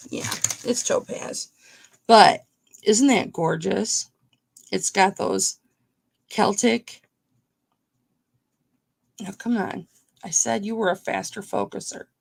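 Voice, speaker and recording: Slow, gravelly woman auctioning jewelry live. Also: mid-range voice. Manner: chatty, talks to viewers by name.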